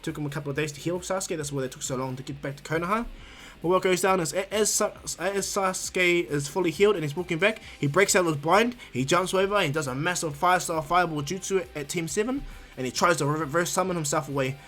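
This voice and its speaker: A man's voice: on the high side, quick pace, fairly bright tone. A man casually narrating a fan what-if story, rambling with frequent restarts.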